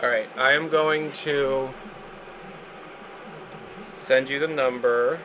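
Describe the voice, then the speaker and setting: A man hosting a live stream, chatting excitably and joking with casual swearing. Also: mid-range voice, slow, narrow, tinny audio, slight background noise. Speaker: streamer host.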